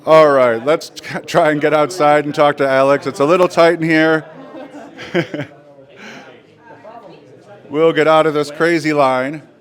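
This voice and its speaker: A man's voice: on the high side, level tone, a little slow, long pauses. Upbeat man hosting on location. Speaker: show host. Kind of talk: on-location interviewing. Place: busy mineral gallery event.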